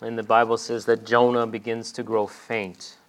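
A man's voice: mid-range voice, flat delivery, moderate pace, a bit bright. A man preaching a sermon, acting out quoted speech with rising intensity.

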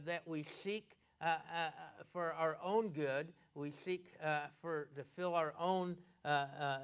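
A male pastor preaching an expository sermon, halting with many fillers and restarts. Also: a little high, a bit bright, smooth.

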